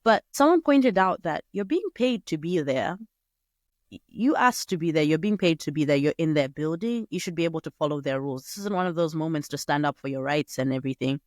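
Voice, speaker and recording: A young woman hosting a solo podcast, talking in a chatty, digressive way with sudden jumps up in pitch. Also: lively intonation, a little fast, a little mellow, no room sound, studio quality. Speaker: podcast host. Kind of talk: casual solo podcast monologue.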